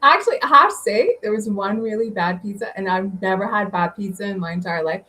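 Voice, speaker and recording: A woman's voice: medium pitch, brisk, bright, forceful tone, rough recording. Chatty woman guest, rambling travel stories. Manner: chatty, rambling, lots of fillers and laughs. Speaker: guest author. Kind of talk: casual interview chat.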